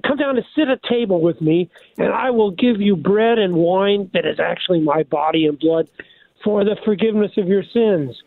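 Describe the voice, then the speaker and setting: God, warm-hearted and folksy, a man voicing him over a tinny phone call, his voice up high and gravelly as he eagerly piles on one offer after another. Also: normal speed, no room sound. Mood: generous. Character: God, generous heavenly father offering gifts.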